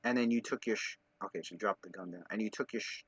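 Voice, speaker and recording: A man running a tabletop game, talking through the map in halting, restart-filled sentences. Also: fairly low pitch, breathy edge, no echo, highs cut off. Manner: hesitant, full of restarts while checking the map. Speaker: game master. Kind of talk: casual tabletop game chat.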